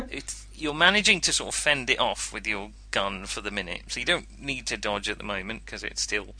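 Bright-voiced man running a game. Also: on the low side, expressive, normal speed. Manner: chatty, laughs often, many ums. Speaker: game master. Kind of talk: narrating a tabletop horror game.

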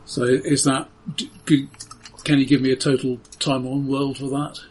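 A man's voice: medium pitch, flat delivery, normal speed, a little hiss or hum. A man playing in a tabletop game, chatting casually in a matter-of-fact, detail-minded way. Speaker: player.

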